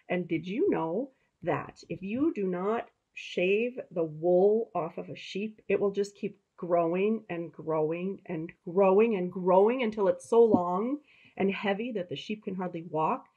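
A woman pastor with an Upper Midwest American accent, gently telling a story to children in a gentle, expressive way. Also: mid-range voice, highs cut off.

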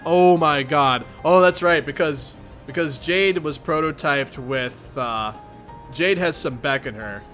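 A young man reading a webcomic aloud and chatting through his reactions in an excitable, rambling way. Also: a little high, slow, soft background music. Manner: excitable, chatty, lots of fillers. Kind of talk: casual reaction commentary.

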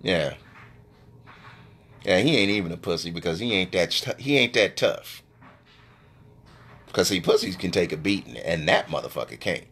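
A brash, profane man ranting casually into a phone on a live stream. His pitch swings widely, leaping up high when he gets worked up. His trash talk is blunt and mocking. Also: expressive, normal speed, long pauses, a bit bright, husky. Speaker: live-stream sports show host.

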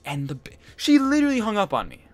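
A man's voice: high-pitched, wildly swooping pitch, quick pace, dry recording. Young guy ranting through a storytime. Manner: rambling, swears a lot, exasperated storytelling. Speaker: gaming channel host. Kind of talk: casual storytime over gameplay.

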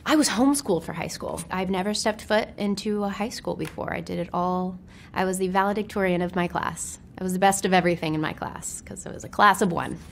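A young woman with a neutral American accent chats casually, laughing and poking fun at herself. Her voice sits at a middle pitch. Faint ambient noise hums behind her. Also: a little fast, vocal fry. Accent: neutral American, faint Southern. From Memphis, Tennessee, US. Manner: chatty, self-deprecating, laughs often. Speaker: actress answering web search questions. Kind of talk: casual chat.

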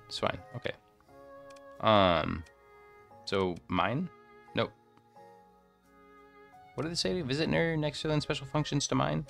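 A young man with a bright, lively voice chats his way through a video game stream, thinking aloud and stumbling over words with self-deprecating asides. He talks into a desk microphone, and quiet game music runs underneath. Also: medium pitch, measured pace, creaky, pauses often. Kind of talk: casual gameplay commentary.

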